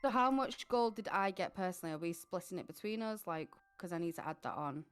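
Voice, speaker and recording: A woman's voice: on the low side, clean tone, soft background music. Chatty woman player. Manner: quick, chatty, asks lots of questions. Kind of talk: casual tabletop game chat.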